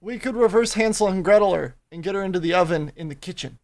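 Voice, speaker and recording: A man playing a tabletop game, eager and jokey, quick to throw out ideas. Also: sits high. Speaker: player. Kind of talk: casual tabletop game chat.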